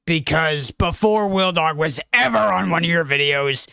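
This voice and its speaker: A man's voice: a little high, moderate pace, creaky, pushed and bright, clean tone, dry recording, studio quality. A man playing a brash, boastful bulldog persona who talks pushily and swears casually in an improvised comedy sketch.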